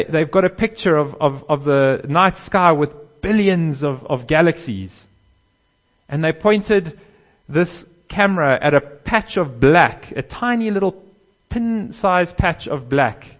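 Male pastor preaching, slightly high voice, emphatic swells and hushed drops, dull lo-fi recording. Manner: emphatic, swelling louder on key phrases and dropping low and soft on others. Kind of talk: sermon.

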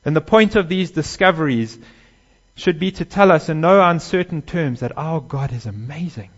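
A man preaching a sermon, swelling loud on key phrases and dropping low and soft on others. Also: moderate pace, highs cut off. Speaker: pastor.

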